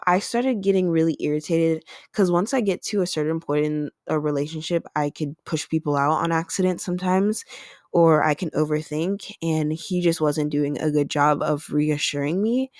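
A woman's voice: low-pitched, darkish tone, no echo, clean studio sound. A woman hosting a podcast, telling a personal story in a chatty way, with plenty of "like" and "um". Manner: chatty, lots of "like" and "um". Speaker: podcast host. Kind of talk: casual confessional storytelling.

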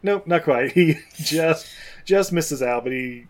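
A man's voice: on the high side, takes it slowly. A man recapping a movie in casual chat. He rambles, swears freely and laughs often as he talks.

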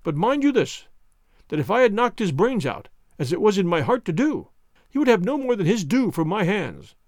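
A man's voice: high voice, big pitch swings, moderate pace, darkish tone, no room sound, clean studio sound, exaggerated voice. A man reading an audiobook, voicing a bitter, hunched old ex-soldier who talks in agitated outbursts.

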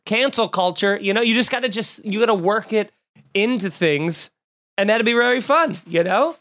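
A man hosting a podcast in casual comedic chat, riffing sarcastically with animated mock quotes. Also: sits high, moderate pace. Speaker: podcast host.

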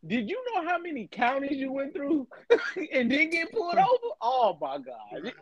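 High, swooping woman on a dull line. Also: wildly swooping pitch, normal speed, crowd noise. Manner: loud exclamations and frequent laughter. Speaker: podcast co-host. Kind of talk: casual phone chat.

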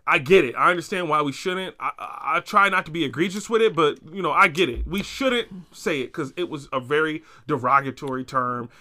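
A man co-hosting a casual podcast, laid-back, laughing often and jumping high in pitch when excited. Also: brisk, hardly any pauses. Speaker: podcast co-host.

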